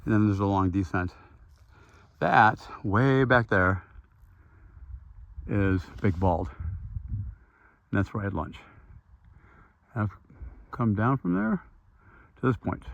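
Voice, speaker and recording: A man's voice: lowish voice, expressive, slow, vocal fry, pauses often, no room sound, lo-fi sound. A man in his sixties vlogging casually outdoors on a hiking trail, talking in a plain, matter-of-fact way with frequent ums. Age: 60s. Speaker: thru-hiker vlogger.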